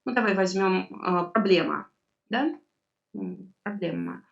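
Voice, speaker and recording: A woman's voice: medium pitch, lively intonation, vocal fry. Woman tutoring over a distant line. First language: Russian. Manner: patient, explains slowly, mixes in Russian words. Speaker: language tutor. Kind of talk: online language lesson. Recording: distant, dull video-call audio.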